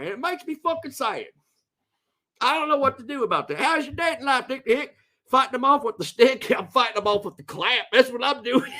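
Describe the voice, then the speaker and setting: A man voicing a crude, rowdy redneck hillbilly, rambling loud and boastful in a comic livestream bit. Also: very high-pitched, pitched above the performer's own voice, full character voice.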